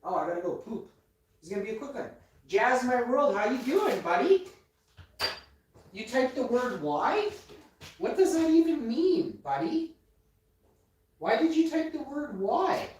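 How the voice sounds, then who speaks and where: A man's voice: very high-pitched, big pitch swings, measured pace, long pauses, a little mellow. A man hosting a casual livestream, bantering and boasting to viewers in the chat. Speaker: livestream host. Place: indoor room with ring light. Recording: roomy echo, far from mic, faint noise.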